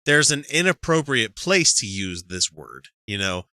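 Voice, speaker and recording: A man's voice: on the low side, very animated, unhurried, pushed and bright, no room sound, clean studio sound. A man co-hosting a podcast in casual chat, rambling, swearing freely and laughing often. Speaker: podcast co-host.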